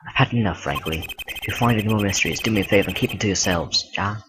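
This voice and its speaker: Smug, teasing young male prosecutor, read by a man in a low voice, game music behind. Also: fast, background noise, natural voice.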